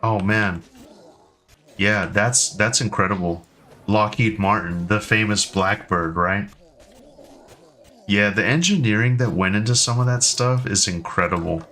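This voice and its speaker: A man's voice: on the low side, unhurried, sharp tone. A man in his thirties chatting casually with his stream viewers, rambling and hesitant with lots of ums and restarts. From United States. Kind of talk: casual live-stream chat.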